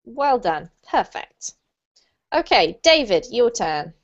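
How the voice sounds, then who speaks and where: Cheerful pronunciation teacher, high-voiced woman, online class over a muffled call. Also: sing-song, slow. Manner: upbeat, encouraging, praises often. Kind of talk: online group pronunciation lesson. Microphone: video call. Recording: dull lo-fi video call audio.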